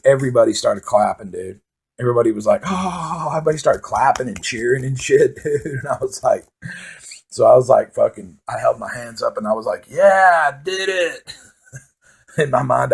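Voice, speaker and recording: A man's voice: mid-range voice, gravelly, a little mellow, slightly rough. A man telling profane, rambling comic stories in a casual monologue. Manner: profane, rambling, laid-back storytelling with laughs.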